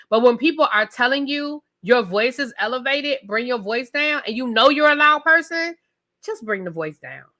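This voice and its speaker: Loud, bright-voiced woman reviewer ranting. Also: fairly high pitch. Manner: loud, emphatic, talks straight to the audience. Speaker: TV review show host. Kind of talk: live casual rant to viewers.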